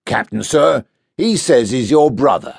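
A man's voice: medium pitch, lively intonation, a little slow, vocal fry, slightly rough, dry recording, clean studio sound, voice pushed up, heavily acted. Man doing a keyed-up, deferential sailor crewman. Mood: eager.

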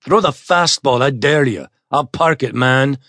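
A man's voice: medium pitch, measured pace, pushed and bright, no echo, studio quality. A man doing a boastful Spanish-accented slugger. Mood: taunting. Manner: boastful, taunting. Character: brash young muscular male slugger.

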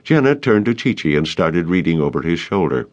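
A man narrating a teen audiobook in an expressive storytelling manner. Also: deep voice, brisk, dull audio. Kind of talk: scripted narration.

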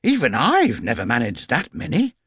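A man voicing a polite, earnest young bear in a storybook reading, raised well above his own voice and spoken slowly and carefully. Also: mid-range voice, wildly swooping pitch, a bit bright, slightly rough, no echo, clean studio sound, voice pushed up, full character voice.

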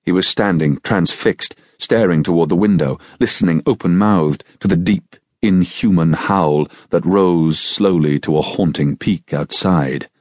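A man narrates a novel in a measured, steady way. His voice is extremely deep and husky, recorded close and dry with no room sound. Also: no echo. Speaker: audiobook narrator. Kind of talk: scripted narration.

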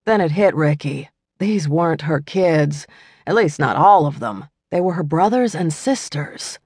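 A woman narrating an audiobook in a scripted, expressive reading, voicing each character in the dialogue. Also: low voice, unhurried, slightly rough, no echo, studio quality.

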